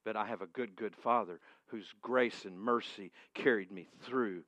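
A male pastor preaching a sermon to a congregation in a church room, emphatic and moving between booming and hushed. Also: normal speed, no echo.

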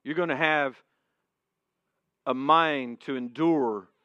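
A male preacher tells a sermon story in the second person and drops to a hush at key points. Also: medium pitch, slow pace, no room sound. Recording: dull, dry sound.

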